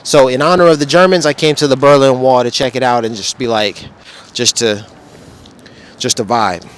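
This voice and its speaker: A man's voice: medium pitch, steady tone, moderate pace, clean tone. A man talking casually in a rambling, laid-back way with slang, vlogging outdoors. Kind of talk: casual vlog. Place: outdoors beside a wall display.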